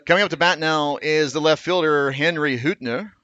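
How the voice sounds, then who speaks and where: Guy doing baseball play-by-play, steady and measured, crisp bright voice, kinda lo-fi dead-dry sound. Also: on the high side. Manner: steady measured calling with small self-corrections. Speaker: play-by-play announcer.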